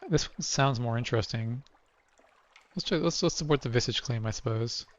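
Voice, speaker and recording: A man's voice: medium pitch, normal speed, dull audio. A man doing casual let's play commentary, thinking aloud over his choices and reading game text aloud.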